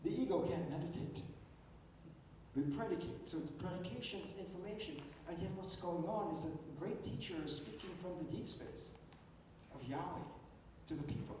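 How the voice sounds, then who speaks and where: Older male keynote speaker, higher-pitched voice, emphatic lecture style, recorded from afar in a big echoing hall with a faint rumble. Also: normal speed. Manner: emphatic, repeats words when restarting. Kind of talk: philosophical lecture. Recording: echoey hall, distant mic, faint rumble.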